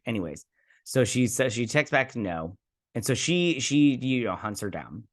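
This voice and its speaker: A man at a mid pitch who recaps a TV episode in a loose, rambling way, full of restarts. He tosses in jokes as he paraphrases what each character says. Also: lively intonation, a little slow, fairly bright tone. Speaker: host. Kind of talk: casual episode recap and review.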